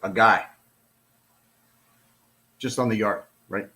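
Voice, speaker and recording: A man's voice: lowish voice, takes it slowly, background noise. A middle-aged man, a retired police officer, gives casual commentary on a released document. He talks in an exasperated, sarcastic, rambling way.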